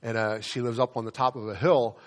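A man preaching a sermon as pastor, in a conversational way, often repeating words and slowing down to stress key phrases. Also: mid-range voice, fairly even intonation.

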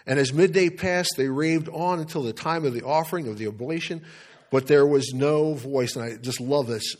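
A man preaching a sermon in an animated storytelling manner. He repeats words and chuckles as he speaks. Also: fairly high pitch, normal speed. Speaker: pastor.

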